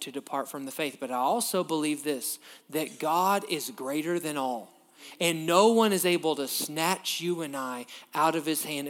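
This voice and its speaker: A man preaching a sermon, emphatic, swinging from quiet to loud and checking in with "okay?". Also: fairly high pitch. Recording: long reverb of a large hall.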